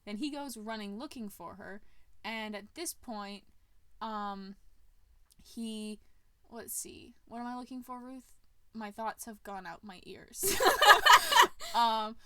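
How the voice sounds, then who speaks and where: A woman hosting a podcast, casually retelling a movie plot in an animated way, with fillers and laughs along the way. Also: medium pitch, slow pace, noisy background. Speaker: podcast host. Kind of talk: casual movie recap chat.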